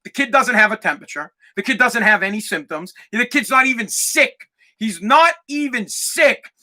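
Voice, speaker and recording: Male podcast host, comic storytelling rant, bright tone, swears, gets loud. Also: extremely high pitch, moderate pace. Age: adult parent of a twelve-year-old. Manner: animated, acts out voices, swears, gets loud when ranting.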